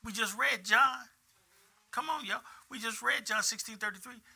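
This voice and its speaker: Forceful older preacher. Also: male voice, very high voice, moderate pace, gravelly, breathy edge. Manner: animated preaching with call-and-response; colloquial, repeats phrases for emphasis. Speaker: pastor. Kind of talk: sermon. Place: church sanctuary.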